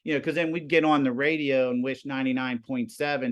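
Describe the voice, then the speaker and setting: Chatty middle-aged teacher telling stories. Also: male voice, mid-range voice, brisk. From Pennsylvania, US. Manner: animated storyteller, many fillers. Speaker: TV production teacher. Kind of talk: casual interview chat.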